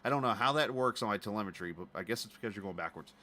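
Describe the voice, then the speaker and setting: Man, racing broadcast host, chatty halting commentary, low bright voice. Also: animated.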